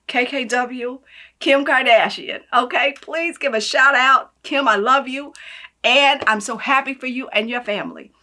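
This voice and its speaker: A bright-voiced woman, gushing over each item in a casual unboxing vlog. She swings between hushed, near-whispered asides and loud, delighted exclamations, and her voice sits a little high for a woman. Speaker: beauty vlogger.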